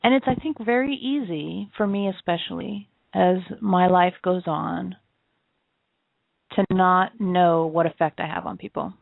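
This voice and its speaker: A woman's voice: on the low side, a little slow, gravelly, no echo. A woman co-hosting an internet radio show, telling stories in a reflective, casual way and laughing often. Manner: reflective storytelling with frequent laughs. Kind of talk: casual chat. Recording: tinny phone-line audio.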